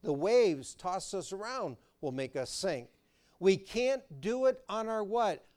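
A male pastor giving a sermon, prompting the congregation to fill in words and swinging from loud emphasis to quiet intensity. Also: sits high, lively intonation, slow pace.

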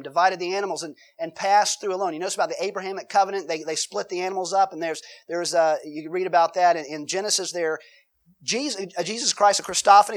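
A pastor delivers a sermon in a relaxed, conversational way. His voice sits high for a man. He reads scripture aloud and slips into quoted voices to act out everyday examples.

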